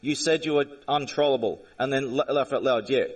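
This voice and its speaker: A man's voice: mid-range voice, a little fast, far from the mic, rough recording. A man in an angry, confrontational rant at a chat viewer during a live stream, repeating himself and swearing.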